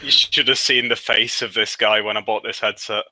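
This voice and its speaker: A man's voice: fairly low pitch, little pitch movement, normal speed, bright, forceful tone. A man co-hosting a casual podcast, wry and teasing, playing devil's advocate. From United Kingdom. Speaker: podcast co-host.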